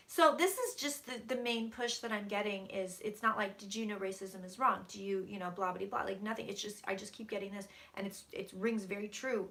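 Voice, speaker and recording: Gravelly-voiced woman doing a psychic reading. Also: mid-range voice, bright, forceful tone. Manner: intense, drops to whispers, swears freely. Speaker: psychic reader. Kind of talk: live psychic channeling stream. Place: her room at home.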